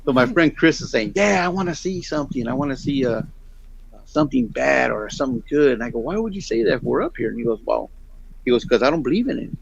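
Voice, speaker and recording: Man, middle-aged, gravelly voice, rambling storyteller, dull lo-fi sound. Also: medium pitch, fast talker, no echo. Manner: rambling, animated, acts out the voices in his story. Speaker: guest storyteller. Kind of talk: casual storytelling.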